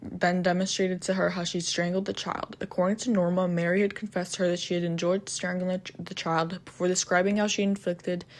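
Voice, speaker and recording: Woman with a lowish voice telling true crime bluntly. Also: a little hiss or hum. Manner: blunt, profane asides between retelling facts; hesitant, with frequent restarts and "um". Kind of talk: casual true crime narration.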